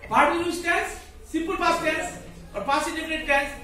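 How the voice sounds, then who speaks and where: Man, grammar teacher, questioning, repetitive, very high voice, booming room echo. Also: fairly even intonation, moderate pace, bright, forceful tone, distant mic. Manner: repetitive, questioning, drills students in call-and-response. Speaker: English teacher. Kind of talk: classroom grammar lesson. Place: classroom. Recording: very echoey room, voice from afar.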